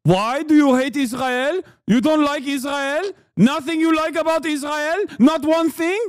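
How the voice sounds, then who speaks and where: A man's voice: extremely high pitch, measured pace, no room sound, clean studio sound, pitched above the performer's own voice. A man voicing a pushy, accusatory middle-aged heckler who talks in broken English, dropping small words and hurling accusations.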